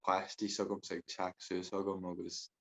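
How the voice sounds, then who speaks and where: Low-voiced man telling rambling stories. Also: completely flat delivery, moderate pace, fairly bright tone, low-quality recording. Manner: rambling, switches between Irish and English, laughs often. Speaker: podcast guest. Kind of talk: casual storytelling chat.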